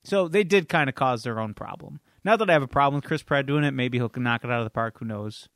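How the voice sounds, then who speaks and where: A man's voice: mid-range voice, fast talker, a bit bright, dry recording, clean studio sound. A man co-hosting a podcast, chatty and joking as he gives his opinions. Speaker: podcast co-host. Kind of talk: casual chat.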